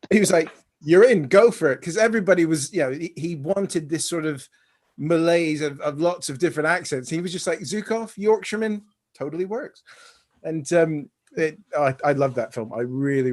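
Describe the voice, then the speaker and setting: Man telling an animated anecdote. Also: a little high, moderate pace. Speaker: panelist. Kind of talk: casual live panel chat.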